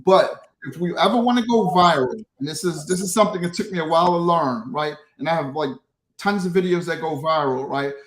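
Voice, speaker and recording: Man with a high voice explaining in an interview, restarts often, sounds recorded in an echoey room. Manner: explanatory, frequent restarts and "right?" tags. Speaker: guest, social media creator. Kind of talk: interview answers. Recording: roomy echo.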